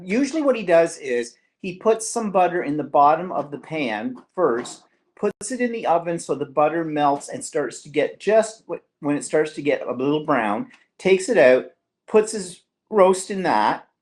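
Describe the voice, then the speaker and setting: A middle-aged Canadian man hosting a live-stream vlog, chatting and teasing in a rambling way. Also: fairly high pitch. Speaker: vlog host.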